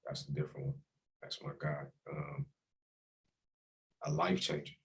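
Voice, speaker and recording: A man's voice: very deep voice, completely flat delivery, a little slow, fairly bright tone, rough recording. A young man, a college quarterback, talking with emotion and reflection as a guest in a casual interview. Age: young adult. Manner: heartfelt, reflective, speaks with emotion.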